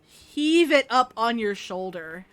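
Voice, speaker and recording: Lively woman running a tabletop game. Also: fairly high pitch, slow, smooth. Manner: laughs often, lively narration. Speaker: game master.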